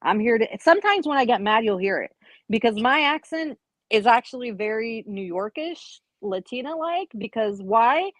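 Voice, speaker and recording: A woman's voice: fairly high pitch, lively intonation, moderate pace, no echo, low-quality recording. A woman from Brazil and Uruguay on a video call, talking bluntly and emphatically as a panelist in a casual chat.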